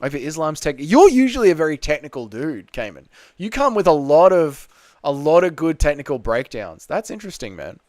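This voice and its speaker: A man's voice: fairly high pitch, sing-song, a little fast, darkish tone, dry recording. An Australian man hosting a livestream, reading viewer comments aloud and answering them in casual, bantering chat from a room at home. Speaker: podcast host. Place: home room with balcony window open.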